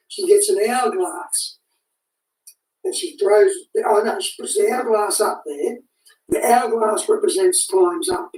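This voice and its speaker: A woman giving an animated, casual spoken commentary, often restarting and repeating words as she talks. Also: mid-range voice, unhurried. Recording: echoey room, far from the mic.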